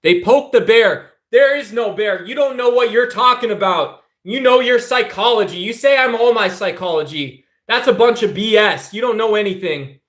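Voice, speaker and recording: Heated man with a high voice. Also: normal speed, few pauses, fairly bright tone. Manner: heated, confrontational, addresses viewers directly. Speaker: political streamer. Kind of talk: livestream rant to chat. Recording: echoey room.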